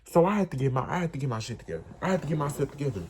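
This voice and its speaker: A man's voice: on the high side, animated, racing, darkish tone, husky. A young man, telling an emotional, rambling storytime straight to his viewers. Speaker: vlogger. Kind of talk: storytime vlog.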